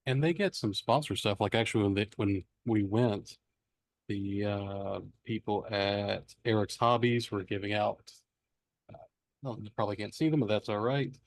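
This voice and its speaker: A man with a lowish voice tells stories in an upbeat, joking way during a relaxed group chat. His voice sounds close and dry. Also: normal speed, no echo. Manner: upbeat, jokey storyteller. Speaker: podcast regular.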